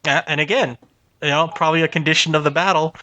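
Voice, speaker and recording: A man's voice: a little high, fairly even intonation, fast, sharp tone, no room sound, lo-fi sound. A man with a slightly raised voice talks movies on a podcast, often laughing and tripping over restarts as he builds his points. The sound is dry and close to the mic. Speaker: podcast co-host. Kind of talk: casual movie review chat.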